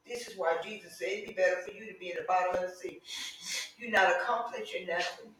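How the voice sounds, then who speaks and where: A middle-aged woman teaching Sunday school with a bright, ringing voice, preaching with fervour and slipping into chatty stories. She swings up to emphatic shouts. She is picked up from far off in a very echoey church. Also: fairly low pitch, fast, slight background noise. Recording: echoey room, mic far off.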